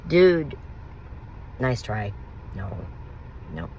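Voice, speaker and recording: A woman and mother pours out a painful personal story in a confessional vlog. Her voice has a gravelly fry running through it, and her telling is emotional and rambling. Faint car noise hums behind her. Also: a bass voice, big pitch swings, takes it slowly, dark tone, low-quality recording. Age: adult, mother of young children.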